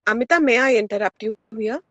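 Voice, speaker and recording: Quiet polite woman on a call, dry sound. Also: fairly high pitch, fast talker, no room sound. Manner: polite, soft-spoken. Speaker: session co-host. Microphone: video call.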